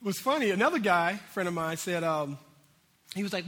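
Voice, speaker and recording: Animated high-voiced man preaching. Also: a little fast, in a large hall. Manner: animated, conversational preaching with asides to the congregation. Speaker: pastor. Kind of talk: sermon.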